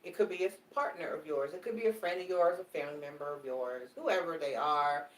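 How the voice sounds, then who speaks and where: A woman giving a live tarot reading, animated and repetitive, speaking straight to her audience. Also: low voice, brisk, roomy sound, distant mic. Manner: animated, repetitive, swears casually, talks to the audience directly. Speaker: tarot reader.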